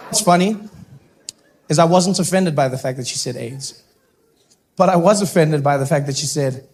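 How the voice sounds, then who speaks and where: A man with a South African accent doing stand-up comedy, telling a story with animated bursts and mock outrage. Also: a little high, normal speed, pauses often, slightly rough.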